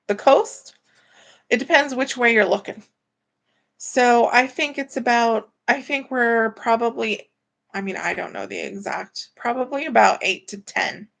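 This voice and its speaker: Woman on a home live stream, kinda high voice, lots of vocal fry, rambly chat reading out comments. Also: measured pace, fairly bright tone. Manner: rambling and chatty, with many fillers. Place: at home, indoors.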